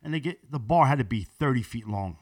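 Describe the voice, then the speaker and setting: A man's voice: mid-range voice, expressive, a little fast, darkish tone, dry recording, studio quality. A man who is a podcast guest, telling stories in casual chat in a blunt, profane way.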